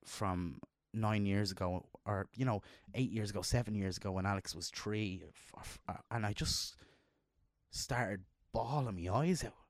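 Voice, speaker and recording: A man's voice: unhurried, no room sound, clean studio sound. A middle-aged man co-hosting a podcast, talking in a heartfelt, emotional way about his kids. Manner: emotional, heartfelt, jumps up in pitch when quoting himself. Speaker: podcast co-host. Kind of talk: casual chat.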